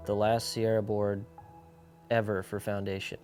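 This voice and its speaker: A man's voice: on the low side, level tone, measured pace, a little mellow, soft background music. Casual, slangy young man telling his story. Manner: casual, slangy, full of "like", acts out quoted dialogue. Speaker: pro skateboarder. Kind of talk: candid personal storytelling.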